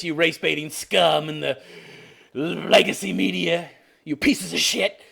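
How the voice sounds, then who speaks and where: A man in his fifties rants through a video commentary, his pitch swinging widely as he mocks and swears. He talks with a sarcastic bite and keeps breaking into laughter. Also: lively intonation, moderate pace, gravelly, sharp tone. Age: 50s. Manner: mocking, sarcastic, profane, laughs often. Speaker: commentary show host.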